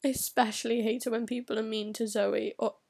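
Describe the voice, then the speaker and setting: Upset and tearful, a teen girl vents in broken, rambling phrases for a confessional vlog, frequently dropping to a whisper. She speaks briskly in a slightly high voice with little pitch movement, a darkish tone, and gravelly fry.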